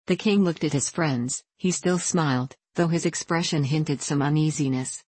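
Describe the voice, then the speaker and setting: Low-voiced woman narrating an audiobook. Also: husky, no echo. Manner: measured, even storytelling. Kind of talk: scripted narration of a classic novel.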